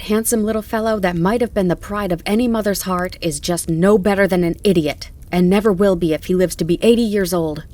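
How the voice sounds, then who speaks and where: A woman reading the part of an earnest male groom in an audiobook, speaking slowly and softly, then loudly and indignantly. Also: medium pitch, voice pushed up, lightly acted. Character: kind earnest male groom, working man. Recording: faint crackling campfire behind.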